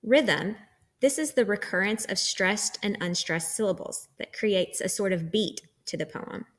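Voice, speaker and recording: A woman's voice: medium pitch, animated, a little slow. A woman teacher giving a recorded lecture, explaining terms patiently step by step.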